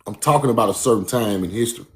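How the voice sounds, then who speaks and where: A man's voice: on the low side, rapid-fire. A man giving a casual, emphatic street-style lecture, repeating his points and calling the listener bro. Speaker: speaker giving a talk.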